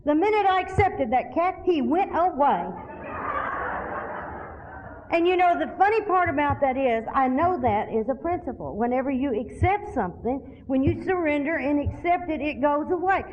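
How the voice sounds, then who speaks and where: A middle-aged woman from Arkansas, telling a funny personal story to an audience at a recovery convention in an animated, folksy way, laughing often. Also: sits high, moderate pace, muffled recording, slight background noise. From Arkansas, USA.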